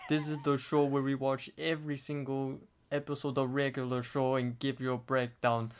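A man's voice: medium pitch, little pitch movement, moderate pace, clear, resonant tone, close to an everyday voice. A man doing a put-on Russian accent as a pushy infomercial announcer. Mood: hammy.

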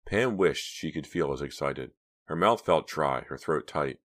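A man reads a novel aloud in a measured, hushed storytelling manner. His voice is extremely low, a dark bass that carries the narration. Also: expressive. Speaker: audiobook narrator. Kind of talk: scripted narration.

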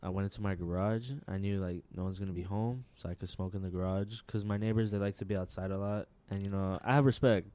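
A man co-hosting a podcast, telling a rambling story full of swearing and slang, laughing often, relaxed and high. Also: fast talker, few pauses, clean tone. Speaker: podcast co-host. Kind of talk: casual chat.

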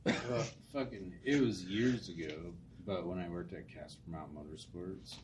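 A man's voice: low-pitched, moderate pace, far from the mic. A middle-aged man co-hosting a podcast, telling rambling, profane anecdotes in casual chat. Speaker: podcast co-host. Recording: noisy, off-mic.

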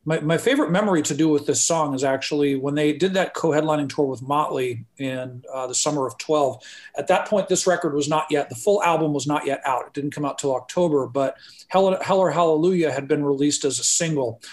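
Man, casual podcast co-host, hesitant with fillers, voice a bit high. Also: brisk. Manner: hesitant, many fillers and restarts. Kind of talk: casual chat.

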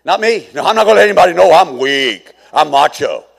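A middle-aged male pastor preaching a sermon, swinging from hushed asides to fervent shouting. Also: fairly high pitch, expressive, fairly quick, gravelly, big-room sound.

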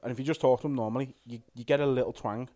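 Scouse man, easygoing podcast chatter, mid-pitched. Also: fairly even intonation, very fast, warm tone. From Liverpool. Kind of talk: casual chat.

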